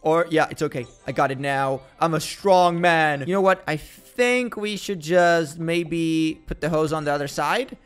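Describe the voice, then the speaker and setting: Young male let's-player, pitched a bit high, goofy and teasing, slips into low fake-smooth asides. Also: moderate pace, soft background music.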